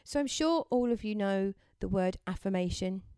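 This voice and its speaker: A woman giving a gentle, encouraging mindfulness talk and leading listeners through affirmations. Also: mid-range voice, animated, moderate pace, smooth, no room sound. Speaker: self-help speaker.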